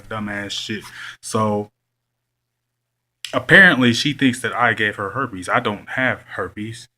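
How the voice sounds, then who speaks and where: Bright-voiced man ranting in slang. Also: mid-range voice. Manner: profane, slangy, blunt. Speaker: vlogger. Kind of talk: casual storytelling rant.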